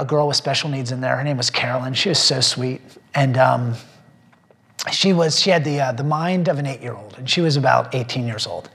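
Earnest male pastor, slightly high. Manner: earnest, rambling, with many fillers and restarts; emotional when telling faith stories. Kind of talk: personal testimony in a small group.

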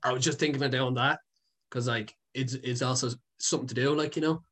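Slight hiss or hum sits under this recording of a young Irish content creator guesting on a show. His mid-range voice is steady and a bit bright, a little fast, as he rambles through casual stories thick with fillers and swear words.

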